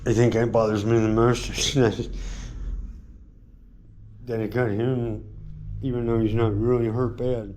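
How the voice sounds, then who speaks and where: An American man, a motorcycle travel vlogger, talking in a rambling, halting way with lots of swearing and repeated words, sore and shaken after a beating, in a hotel room. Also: mid-range voice, little pitch movement, darkish tone, slight background noise. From United States. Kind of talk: casual vlog monologue.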